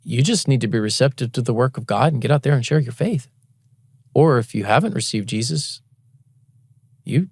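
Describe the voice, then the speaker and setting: A man preaching from the pulpit, his voice gravelly at mid pitch. He tells the story in an earnest, conversational way. The sound is dry and close, with faint music underneath. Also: lively intonation, normal speed, pauses often, a little mellow, no room sound. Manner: storytelling, earnest and conversational, with self-deprecating laughs. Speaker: pastor. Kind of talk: sermon.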